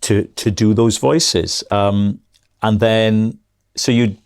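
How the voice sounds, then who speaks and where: A man's voice: lowish voice, fairly even intonation, slow pace, smooth. A middle-aged male comedian chatting as a podcast guest, telling rambling anecdotes and correcting himself often. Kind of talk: casual podcast chat.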